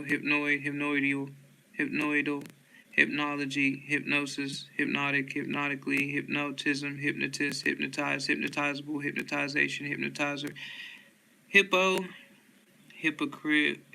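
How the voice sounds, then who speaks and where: A man with a drawl reads a dictionary word by word in a steady rhythm. His voice is bright and crisp, with a gravelly edge. He trips over the tricky words and starts them again. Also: on the high side, rough recording. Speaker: host reading a dictionary aloud. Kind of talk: rapid word-list reading.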